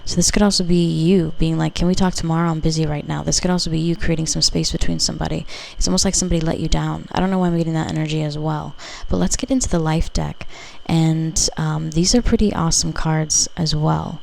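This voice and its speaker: A woman with a low, gravelly voice gives a casual pick-a-card tarot reading. She talks in a flat, even tone and rambles from one intuition to the next, full of filler words. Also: a little fast, few pauses, a little hiss or hum. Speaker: tarot reader.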